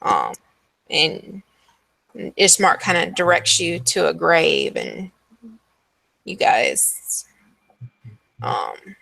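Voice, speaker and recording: Lady dm narrating a tabletop game, slow and creaky, lots of ums. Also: lowish voice, huge pitch swings, bright, forceful tone, no room sound. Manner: unhurried, descriptive, with filler ums. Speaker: dungeon master.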